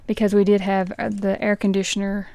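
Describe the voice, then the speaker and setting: A middle-aged woman chats casually as she counts cash out loud, sometimes dropping into a soft whisper. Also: mid-range voice, little pitch movement, brisk, no room sound. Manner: counts bills aloud, chatty asides, dips into soft whispers. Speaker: budgeting vlogger.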